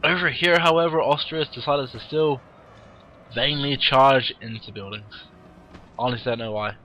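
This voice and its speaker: A man with a cold, casually commentating a game replay in a warm room at home with wry, rambling asides. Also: mid-range voice, normal speed, highs cut off, soft background music. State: has a cold, sniffly.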